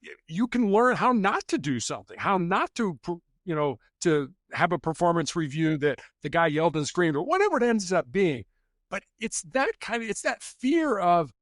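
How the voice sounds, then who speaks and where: A man's voice: high voice, moderate pace, dry recording, studio quality. A middle-aged man, a former police officer, telling stories in a podcast interview and acting out bits of dialogue as he goes. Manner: animated, acts out quoted dialogue. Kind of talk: conversational storytelling.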